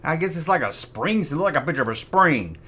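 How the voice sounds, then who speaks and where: Lively, bright-voiced man joking about toys. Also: on the high side, fast talker, slightly rough. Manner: jokey, sarcastic asides, mimics sound effects. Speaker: toy collector host. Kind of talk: comic toy review.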